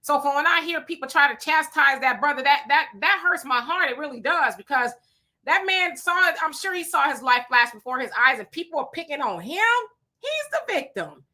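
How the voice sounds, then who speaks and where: A woman hosting a casual livestream, reading viewer comments and answering them in an animated, preachy way. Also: high voice, fairly quick. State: sweating.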